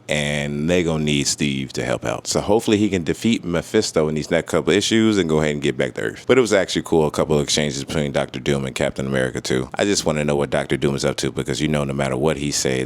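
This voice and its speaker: Male comic-book vlogger, very low voice, slangy and eager. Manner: excited and slangy, with many asides. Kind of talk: casual video review.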